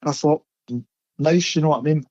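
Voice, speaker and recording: A blunt Scottish man chatting as a podcast correspondent, telling stories in a low, mellow voice. His sound comes through a dull, lo-fi line that is dry and close, with no room around it. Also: quick pace, dry recording. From Scotland. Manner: blunt, storytelling. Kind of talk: casual podcast chat.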